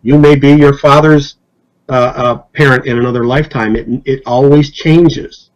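A man's voice: moderate pace, rough recording. A man as a podcast guest, telling stories casually and acting out the people he quotes. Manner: animated, acts out quotes with rising pitch. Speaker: hypnotist guest. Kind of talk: casual storytelling.

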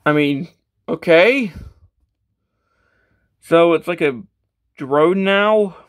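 A fairly high-voiced man talks through a toy review in a casual way. He stumbles over his words often, restarting phrases and filling pauses with "uh". He is plainly self-conscious about it. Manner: stammering, with many fillers and restarts; self-deprecating, matter-of-fact.

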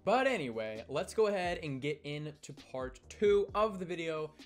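Young male storyteller, casual and rambling, slightly raised pitch, soft music underneath. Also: sing-song, moderate pace. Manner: rambling, self-correcting, acts out quotes. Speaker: storytelling vlogger.

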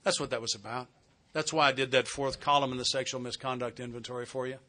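Middle-aged man, bright and forceful voice, heartfelt plain-spoken sharing at a retreat, dry humor. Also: medium pitch, flat delivery, quick pace. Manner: earnest, heartfelt and confiding. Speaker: recovery retreat speaker. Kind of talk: personal sharing talk. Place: retreat center meeting hall.

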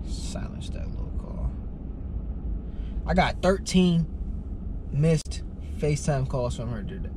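A young man chatting to his viewers in a casual prank vlog, talking slangy and laughing often, recorded on a camera inside a car. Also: mid-range voice. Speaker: prank vlogger. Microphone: GoPro camera in the car. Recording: car and road noise behind.

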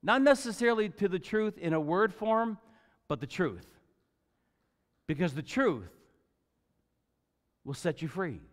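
A man preaching a sermon as the pastor, telling a Bible story in an animated way and acting out the characters with jokey asides. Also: high voice, unhurried, pauses often. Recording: church hall with long reverb.

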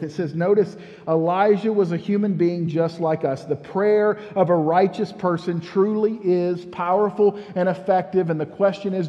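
A man's voice: sits high, dark tone, big-room sound, dull audio. A man preaching a sermon in a conversational, storytelling way, asking the congregation questions as he goes. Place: church sanctuary.

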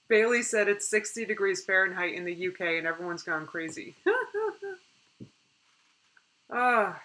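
Bright, chatty woman streamer. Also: lowish voice, normal speed, rough recording. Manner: chatty and animated, laughs often. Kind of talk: casual live-stream chat, reading viewer comments.

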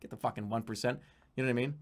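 A man's voice: medium pitch, fairly even intonation, very fast. A man from the United States streaming live, chatting casually in a rambling, profane, joking way with many restarts.

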